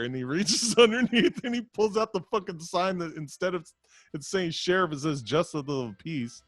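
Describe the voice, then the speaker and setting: A man co-hosting a podcast, telling a story in a profane, ranting way that gets louder as he gets worked up. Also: high-pitched, lively intonation, normal speed, dry recording, studio quality. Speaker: podcast co-host. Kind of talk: casual chat.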